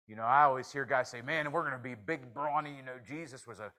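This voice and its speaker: A man preaching a sermon in a folksy, joking manner, swinging from hushed confession to loud exclamations. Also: mid-range voice, fast talker, low-quality recording. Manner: shifts from hushed to shouting.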